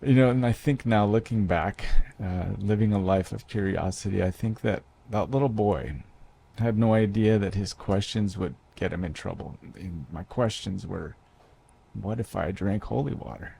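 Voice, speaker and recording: A man's voice: fairly low pitch, normal speed, vocal fry, warm tone, slightly rough. A man in his thirties telling a personal story to an audience in a conversational way, with many fillers and restarts. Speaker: speaker.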